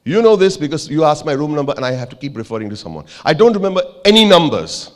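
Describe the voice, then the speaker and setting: Fairly high and fast, a man's voice with an Indian English accent fills a large hall. As a keynote speaker giving a motivational speech, he animates a story by acting out its characters and joking with the audience.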